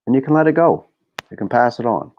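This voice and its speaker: A man's voice: mid-range voice, lively intonation, quick pace, lo-fi sound. A middle-aged man hosting a podcast, talking in a candid, rambling way with lots of fillers and swearing. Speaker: podcast host. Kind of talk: casual monologue.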